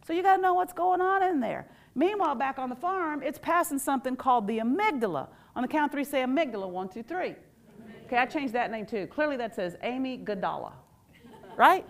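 A woman presenter in a somewhat high voice, talking to a live audience. She is playful and animated, and she keeps pulling listeners in with questions. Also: a little fast. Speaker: workshop presenter. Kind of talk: lively talk to a live audience.

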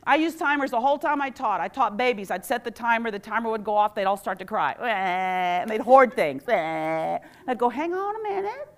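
Animated woman leading a workshop. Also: medium pitch, moderate pace, few pauses. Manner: animated, quizzes the audience and leads call-and-response. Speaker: educator and workshop speaker. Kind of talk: lively workshop talk to a live audience.

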